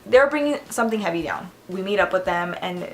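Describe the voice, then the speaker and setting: A woman's voice: medium pitch, expressive, brisk, a little hiss or hum. A young woman vlogging a storytime, telling it animatedly, full of "like" fillers and acted-out quotes. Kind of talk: storytime vlog.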